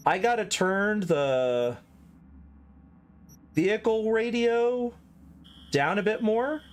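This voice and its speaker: A man's voice: sits high, slow. A man from the American South giving casual, chatty commentary on his own gameplay and talking straight to his viewers. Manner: chatty, talks straight to chat. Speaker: streamer.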